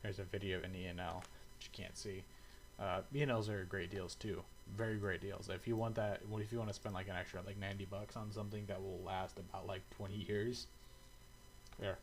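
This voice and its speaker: A man's voice: low-pitched, little pitch movement, fairly quick, soft background music, poor audio. A man giving casual, rambling commentary full of swearing and fillers, reacting aloud as he browses online. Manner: rambling and profane, many fillers. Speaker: airsoft video creator.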